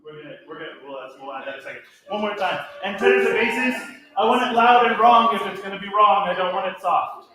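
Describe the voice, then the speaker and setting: Choir director in a very echoey hall. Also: male voice, high voice, quick pace. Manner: energetic, coaching, sings example phrases. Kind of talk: choir rehearsal instruction. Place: large echoey rehearsal hall. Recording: very echoey hall, faint music.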